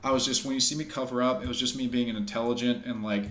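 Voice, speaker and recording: A man chats casually on a podcast with a bright, forceful voice. He tells his stories with animation, acting out the quoted lines and laughing along the way. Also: medium pitch, very fast, a little hiss or hum. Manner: animated storyteller who acts out quotes and laughs. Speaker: pro fighter and podcast co-host.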